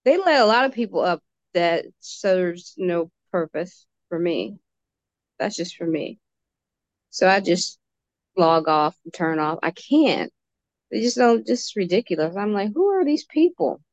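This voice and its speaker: A woman's voice: lowish voice, lively intonation, unhurried, dry recording. A woman calling in to a chat, complaining in an exasperated way. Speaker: caller. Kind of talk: casual chat. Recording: dull, dry call-in line.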